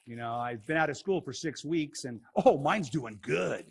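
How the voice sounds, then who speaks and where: A man teaching a playful science demo for kids, goofy and excitable, joking as he goes. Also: mid-range voice, moderate pace, creaky, slightly rough.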